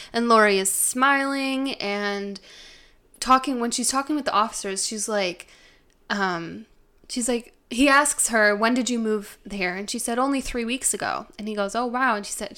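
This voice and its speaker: A woman's voice: on the high side, pushed and bright, smooth. A young woman co-hosting a casual true-crime podcast, chatty and giggly with lots of fillers. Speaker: podcast co-host.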